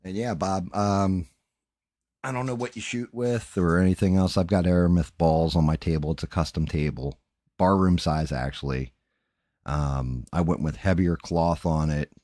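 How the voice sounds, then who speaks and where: A middle-aged man hosts a livestream from home, with a low, darkish voice, fairly even intonation, and a moderate pace. He chats casually and candidly with viewers, rambling and swearing freely. The studio sound is clean, with no room sound.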